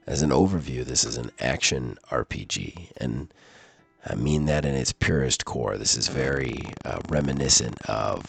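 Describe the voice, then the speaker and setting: A man's voice: rumbling low, a little hiss or hum. A man reviewing a video game, speaking through a sickness that leaves his voice congested, rambling with fillers and restarts. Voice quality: gravelly. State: sick, congested voice.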